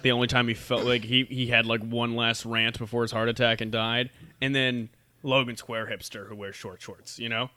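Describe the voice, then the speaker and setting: A man on a comedy podcast, ranting with animated, crude jokes. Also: medium pitch, moderate pace, smooth, no echo. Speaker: podcast co-host. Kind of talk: casual comedy podcast chat.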